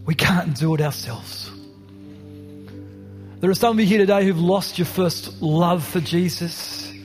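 A man's voice: high voice, unhurried, soft background music. Passionate male pastor preaching. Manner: passionate, rising to emphatic repetition. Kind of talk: sermon. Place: church hall.

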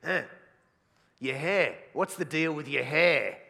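A man's voice: on the high side, expressive, slow, creaky, pushed and bright, pitched above the performer's own voice, full character voice. A man putting on a blunt older man who keeps asking about someone's hair, in a large echoing hall. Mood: puzzled.

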